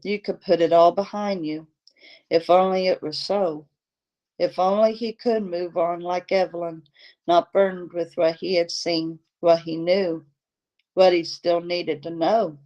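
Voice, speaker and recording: Woman reading a novel aloud, slow pace, lowish pitch, steady delivery. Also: dull audio. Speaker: audiobook reader, channel host.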